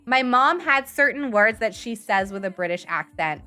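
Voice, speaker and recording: A woman's voice: on the high side, animated, normal speed, pushed and bright. A woman chatting casually and rambling on while she livestreams a game and answers viewers' chat. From Canada. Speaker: live streamer.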